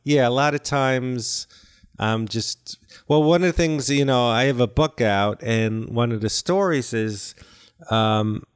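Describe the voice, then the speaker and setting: A man's voice: mid-range voice, unhurried, clean tone. An older man, an actor and comedian, chatting as a guest in an interview, rambling and self-deprecating with many restarts. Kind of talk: casual interview chat.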